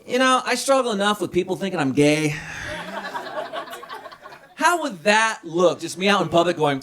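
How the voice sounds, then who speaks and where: Animated stand-up comic, high lively voice. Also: male voice, moderate pace, pauses often, crowd noise. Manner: lively, jumps into high voices for quoted people. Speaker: stand-up comedian. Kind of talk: stand-up set. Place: small restaurant comedy night.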